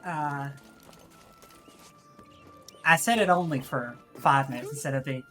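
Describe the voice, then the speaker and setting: Lady streamer hamming up a texas drawl, super low voice, rambly, game music faint behind. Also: measured pace, fairly bright tone. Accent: put-on Texas. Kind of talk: gaming livestream commentary.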